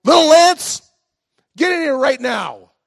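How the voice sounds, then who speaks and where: A man voicing an elderly grandmother who scolds a child in a high, shouting voice. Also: animated, slow pace, vocal fry, no echo, studio quality, heavily acted. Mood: scolding.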